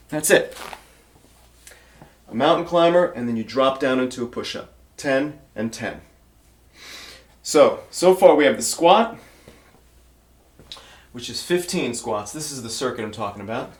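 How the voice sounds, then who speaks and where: A man's voice: medium pitch, expressive, measured pace, long pauses. A male fitness trainer demonstrating exercises, encouraging beginners and counting reps aloud while getting out of breath.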